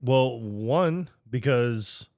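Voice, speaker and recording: A man co-hosting a podcast, telling stories in a stubborn, deadpan way in casual chat. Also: mid-range voice, extremely slow, no echo, clean studio sound. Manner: stubborn, deadpan storytelling with swearing. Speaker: podcast co-host.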